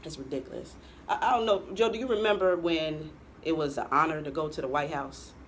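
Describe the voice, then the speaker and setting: A woman's voice: low-pitched, fairly quick, slight background noise. A woman co-hosting a political talk show, giving pointed commentary and laughing often. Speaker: co-host.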